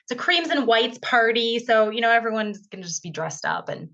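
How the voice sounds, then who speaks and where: A woman's voice: animated, a little fast, sharp tone, lo-fi sound. A woman guest on a podcast, talking over a video call in a chatty, rambling way with lots of fillers. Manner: chatty, rambling, acts out quoted dialogue with big pitch jumps. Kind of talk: casual storytelling interview.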